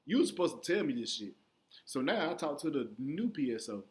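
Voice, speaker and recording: Profane, animated storytelling man. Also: fairly high pitch, brisk. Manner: profane, animated, acts out both sides of conversations. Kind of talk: casual storytelling monologue.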